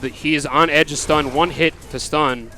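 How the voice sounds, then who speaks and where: A man's voice: on the high side, steady tone, moderate pace, sharp tone, soft background music. A man with an American accent giving analytical, casual color commentary at a fighting-game tournament. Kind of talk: live esports commentary.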